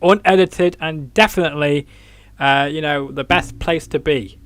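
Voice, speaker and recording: A man's voice: a little high, moderate pace, fairly bright tone, smooth. A man from England hosting an online interview, upbeat with many hesitant fillers. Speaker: podcast host.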